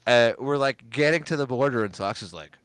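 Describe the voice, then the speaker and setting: A man telling a story in a relaxed chat, slipping into quick voices when he quotes people. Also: mid-range voice, smooth, no room sound. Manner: laid-back, quoting others in little voices. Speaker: podcast guest. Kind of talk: casual storytelling.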